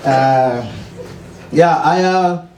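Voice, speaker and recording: At a small open mic, a comedian with a Zimbabwean accent works through a self-mocking, wry set, occasionally laughing at his own lines. His fairly high, darkish voice moves extremely slowly, picked up from afar in an echoey room with slight background noise.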